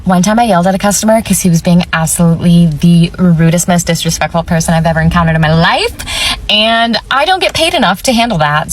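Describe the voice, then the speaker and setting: A woman telling a blunt, matter-of-fact story about a customer, with some swearing. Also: fairly low pitch. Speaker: former service worker. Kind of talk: casual storytelling to camera. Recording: voice distant from the mic.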